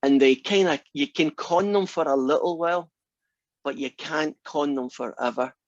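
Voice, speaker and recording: A man's voice: a little high, moderate pace, no room sound. A man, a math instructor, telling a long rambling anecdote to his class. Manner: rambling, animated storyteller. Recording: dull, dry lo-fi classroom recording.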